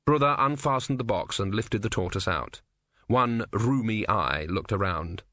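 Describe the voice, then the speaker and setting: A man reading an audiobook aloud in scripted narration, with a dry, measured delivery. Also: fairly low pitch, expressive, pushed and bright, no room sound.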